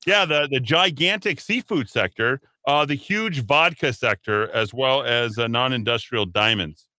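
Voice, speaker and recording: A man's voice: mid-range voice, lively intonation, a little slow, bright, forceful tone, dry recording. A man hosting a talk radio show, riffing on the news with sarcastic, mocking asides into a studio mic.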